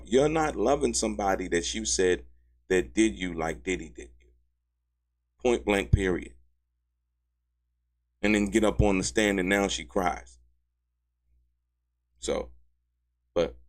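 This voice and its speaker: A man hosting a casual legal commentary show, excitable and emphatic, who keeps repeating "ladies and gentlemen" and jumps up high in pitch when outraged. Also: creaky. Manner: laughs mid-sentence, emphatic repetition. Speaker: commentary channel host.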